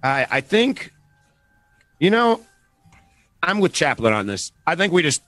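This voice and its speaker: A man playing a tabletop game, thinking aloud in quick, rambling bursts. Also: on the high side, very animated, fairly bright tone, dry recording. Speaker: player. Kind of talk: casual tabletop game chat.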